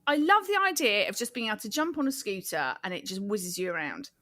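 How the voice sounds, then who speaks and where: A woman's voice: mid-range voice, expressive, brisk, sharp tone. A woman co-hosting a casual comedy chat, dry and teasing. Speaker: podcast co-host.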